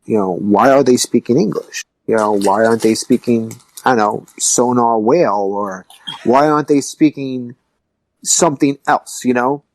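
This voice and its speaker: A man's voice: medium pitch, moderate pace. A man hosting a podcast in casual chat, joking and swearing freely. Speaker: podcast host.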